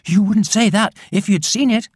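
A man's voice: high-pitched, moderate pace, husky, no room sound, studio quality, pitched above the performer's own voice. A man voicing an impatient, insistent schoolgirl in an audiobook. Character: bossy know-it-all schoolgirl.

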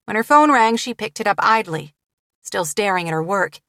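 Brief: woman audiobook narrator, mid-range voice, steady measured read, dry booth sound. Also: medium pitch, no room sound. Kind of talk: scripted narration.

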